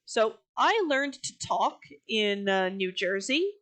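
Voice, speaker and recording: A woman's voice: mid-range voice, big pitch swings, slow, a bit bright. A young American woman chatting casually with a friend, laughing often. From United States. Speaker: streamer co-host. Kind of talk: casual chat.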